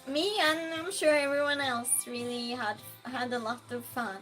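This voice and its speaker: A woman streamer chatting casually with her viewers, reading out their comments, laughing often and calling out loud greetings. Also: sits high, fairly even intonation, moderate pace, soft background music.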